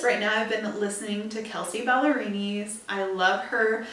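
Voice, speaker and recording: A young woman podcast host telling a story in a chatty, animated way, with emphatic asides. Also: mid-range voice, moderate pace, hardly any pauses. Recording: echoey room, distant from mic.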